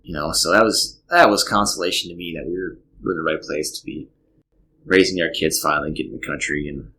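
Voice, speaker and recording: Deep gravelly man telling a story. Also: fast, bright, forceful tone. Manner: rambling, full of "you know" asides. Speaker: podcast host. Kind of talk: casual storytelling.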